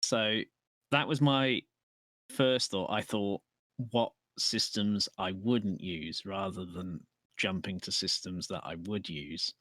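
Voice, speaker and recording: Low-voiced male podcast co-host in a dry, close recording, thoughtful casual chat. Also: slow pace, fairly bright tone, no room sound. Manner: thoughtful, explains with restarts. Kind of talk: casual chat about tabletop games.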